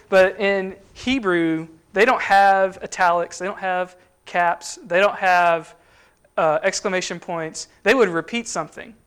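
Man, high voice, sermon teaching, conversational, fillers and restarts. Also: a bit bright, smooth. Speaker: preacher.

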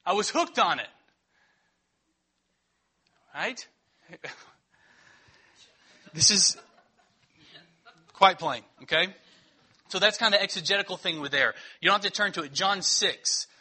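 Husky, bright-toned preaching man. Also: high-pitched, expressive, measured pace, pauses often. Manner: conversational teaching, checking in with the congregation. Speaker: pastor. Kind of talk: sermon.

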